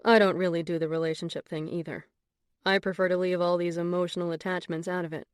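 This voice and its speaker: A woman voicing a confident, flirtatious wealthy man in an audiobook, speaking low and measured. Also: flat delivery, smooth, no room sound, clean studio sound, close to an everyday voice. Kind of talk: audiobook character voice.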